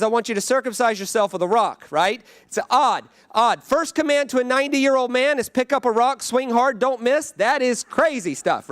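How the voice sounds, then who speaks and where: A guest preacher delivering a conversational sermon in a church, often checking in with the congregation. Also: male voice, very high-pitched, a bit bright, no room sound, clean studio sound. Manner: conversational, keeps asking "right?".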